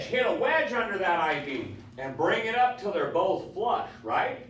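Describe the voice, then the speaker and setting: A man's voice: high voice, big pitch swings, normal speed, few pauses, a bit bright. A male welding instructor who lectures his class in a swaggering storytelling way and quizzes his students as he goes. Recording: echoey classroom, far from mic, faint hiss.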